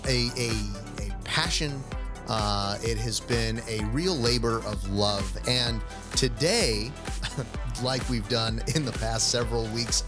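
Podcast host, male, lowish voice, loose and jokey, faint music underneath. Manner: joking, rambling with fillers and restarts. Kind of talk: casual podcast chat.

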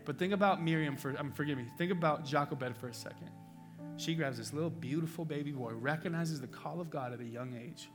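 A man preaching a sermon with passion, moving between hushed, quiet passages and loud, urgent peaks. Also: fairly high pitch, fairly quick, music in the background. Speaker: pastor.

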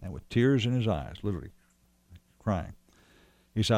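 A man with a fairly low voice tells a long story about an old friend. He rambles, restarts his sentences and acts out the dialogue. The sound is dry and close, with no room around it. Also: big pitch swings, normal speed, mellow, no echo. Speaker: storyteller guest recalling a friend. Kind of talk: casual conversational storytelling.

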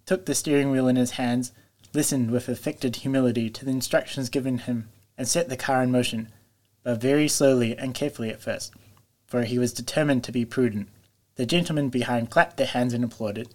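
A man's voice: mid-range voice, brisk. A man reading a classic children's story aloud as narrator, telling it with expression. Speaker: reader. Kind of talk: audiobook narration.

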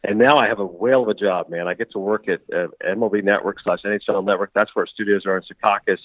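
A middle-aged man from Canada, a sports broadcaster chatting as a guest in an interview, who talks quickly and acts out the dialogue he quotes. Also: fairly low pitch, steady tone, no echo. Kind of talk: casual interview chat. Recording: tinny phone-like line.

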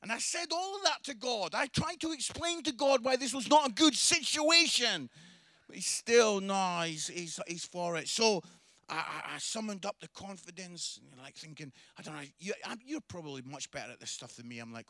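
A man gives an animated, funny sermon in a high, ringing voice that sits close to the mic. He acts out the voices of the people in his story. The sound is dry, with no room echo. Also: normal speed. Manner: animated, humorous, acts out dialogue. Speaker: preacher.

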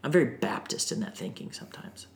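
A man, a singer guest on a podcast, telling an emotional story in an animated way. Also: quick pace. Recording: roomy echo.

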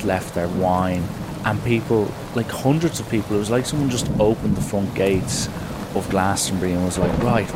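Young Irish man, low voice, animated storyteller who jumps into other people's lines. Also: very noisy. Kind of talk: casual anecdote monologue.

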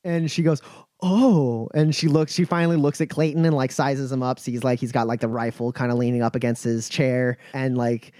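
A man's voice: mid-range voice, flat delivery, fairly quick, hardly any pauses, darkish tone, no room sound. A man narrating a tabletop game as game master, loosely, with many fillers.

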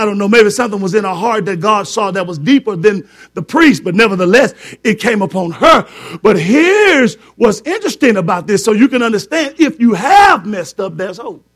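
A man's voice: sits high, fairly bright tone. A man preaching a fervent sermon, repeating words for emphasis and joking with his congregation.

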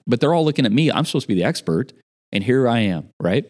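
A man in casual chat, telling an animated story about a job gone wrong. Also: mid-range voice, fast. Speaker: podcast guest.

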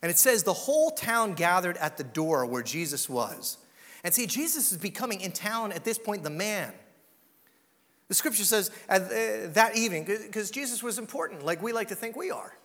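A man preaching a sermon as pastor, dramatic and dropping to a hush for emphasis. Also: sits high, lively intonation, normal speed, long reverb tail.

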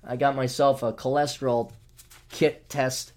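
Podcast host, man, 40s, mid-pitched, rambling and crude, big swings in volume. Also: flat delivery, unhurried, darkish tone. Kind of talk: casual monologue.

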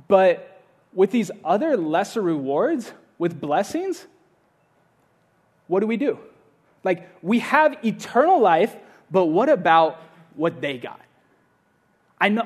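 A man preaching a sermon, earnest, repeating his phrases and swinging between loud urging and hushed appeals. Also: high-pitched. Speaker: pastor.

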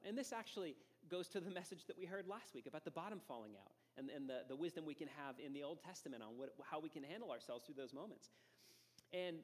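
Man, pastor, conversational sermon, slightly high voice, long hall reverb. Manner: conversational storytelling, frequent fillers.

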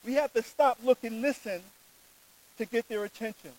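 A man delivers a sermon in an unusually high voice. He reads scripture aloud and preaches earnestly, stressing his key words. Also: normal speed, low-quality recording.

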